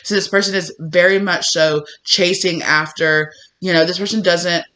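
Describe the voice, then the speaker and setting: A man with a slightly rough voice giving an animated tarot reading, acting out imagined conversations as he goes. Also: high voice. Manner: animated, acts out imagined dialogue in quick bits. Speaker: tarot reader.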